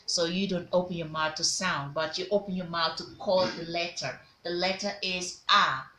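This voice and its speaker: A woman's voice: on the low side, fairly even intonation, moderate pace, pushed and bright. A woman teaching diction, drilling letter sounds and word examples, praising and having learners repeat. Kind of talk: pronunciation drill lesson. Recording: echoey room with faint ambience.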